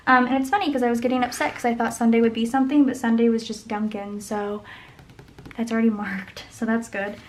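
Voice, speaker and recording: A woman's voice: on the high side, a little mellow, slight background noise, poor audio. A woman chatting casually as she goes over her budget, thinking aloud and murmuring sums under her breath. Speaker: budget vlogger. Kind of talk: casual talk while planning.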